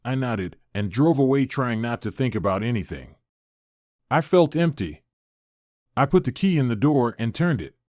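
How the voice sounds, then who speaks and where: A man narrating a first-person story in a measured, steady way. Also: medium pitch, dry recording, studio quality.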